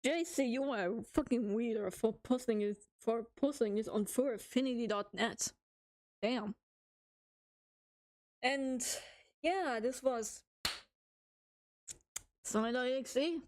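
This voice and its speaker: A woman's voice: on the high side, slow, long pauses, a little mellow. A woman streamer reading horror stories to her chat, joking, giggling and swearing a lot.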